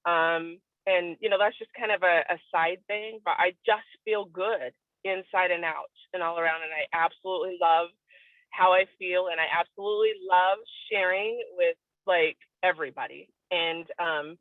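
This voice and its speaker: A woman's voice: fairly low pitch, fairly even intonation, normal speed, dry recording. A woman giving an earnest, emotional personal testimony on a video call, candid and at times tearing up. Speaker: guest sharing a testimonial. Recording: tinny, dry phone-line audio.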